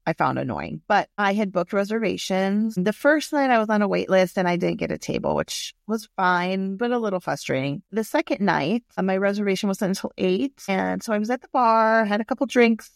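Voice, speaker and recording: A woman with a gravelly, fry-tinged voice tells a personal story in a relaxed, candid way. She is animated and swears freely. The recording is dry and close, with no room echo. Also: medium pitch.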